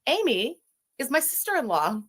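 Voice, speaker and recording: A woman's voice: sits high, sing-song, moderate pace, a bit bright, slightly rough. A woman rambling casually in a played stream clip, emotional and swearing freely.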